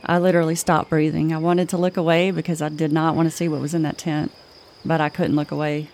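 A woman co-hosting a podcast, telling a spooky story in a slow, measured way. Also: sits low, slight background noise. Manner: slow, measured, flat delivery. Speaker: podcast co-host. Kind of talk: spooky campfire-style storytelling.

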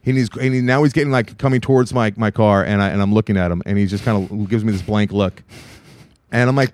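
A man in his thirties, co-hosting a podcast, telling an animated story in casual chat and acting out both sides of a conversation. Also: fairly low pitch, quick pace, no room sound. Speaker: podcast co-host.

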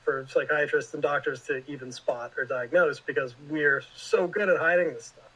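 A man's voice: a little high, moderate pace, fairly bright tone, slightly rough, low-quality recording. A man talking as a guest writer in a casual interview, rambling and leaning heavily on filler words.

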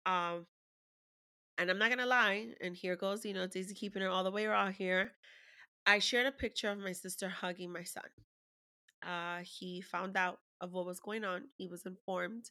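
Woman, candid storyteller, bright forward tone, emotional and profane, conversational. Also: medium pitch, fairly even intonation, moderate pace. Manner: raw, emotional, swears freely.

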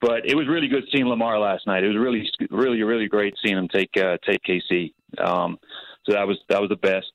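A man's voice: lowish voice, steady tone, a little fast. A man calling in to a sports radio show, chatting in a rambling, casual way. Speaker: caller. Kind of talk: casual call-in chat. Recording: dull phone-call audio.

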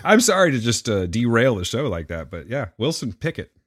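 Lively playful man co-hosting a podcast. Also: medium pitch, a little fast. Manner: playful, joking, swears casually. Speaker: podcast co-host. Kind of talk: casual chat.

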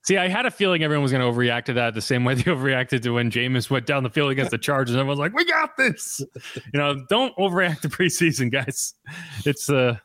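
A man's voice: mid-range voice, fast talker, a bit bright, no room sound, clean studio sound. Chatty male sports podcast host. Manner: loose and conversational, frequent restarts. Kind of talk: casual sports podcast chat.

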